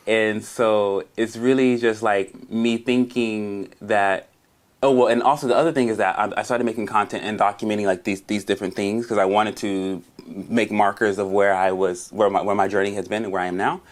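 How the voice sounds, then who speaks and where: Chatty American man, lowish voice. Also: normal speed. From United States. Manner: chatty, animated, laughs often. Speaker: interview guest. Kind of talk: casual interview chat.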